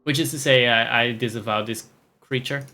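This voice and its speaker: A man's voice: medium pitch, moderate pace, pushed and bright. A man streaming a game, making sardonic, profane asides and reading the game dialogue aloud. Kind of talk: casual gameplay commentary.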